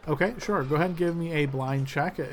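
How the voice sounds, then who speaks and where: A man running a tabletop game as game master, who narrates in a relaxed, chatty way full of fillers. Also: fairly high pitch, fast talker. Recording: noisy home recording.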